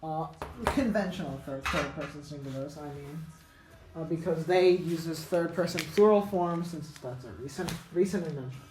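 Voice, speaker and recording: A woman teaching an unscripted grammar lesson, halting and correcting herself, with many fillers. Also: low voice. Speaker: English teacher. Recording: echoey room with faint music.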